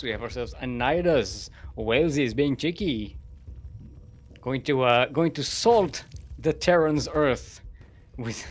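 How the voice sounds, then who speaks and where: A man's voice: medium pitch, expressive, slow, pauses often, slight background noise. Playful giggly male esports caster. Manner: playful and giggly, jokes between calls. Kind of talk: live esports play-by-play commentary.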